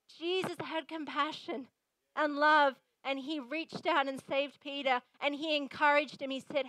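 A woman pastor preaches with lively emphasis and a chatty, direct manner. Her voice sits high, and the sound is close and dry with no room around it. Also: moderate pace, no echo, rough recording. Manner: energetic, emphatic, conversational preaching. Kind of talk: sermon.

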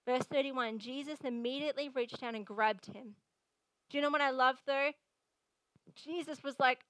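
High-voiced woman preaching with energy. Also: moderate pace, no room sound, rough recording. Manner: energetic, emphatic, conversational preaching. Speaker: pastor. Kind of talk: sermon.

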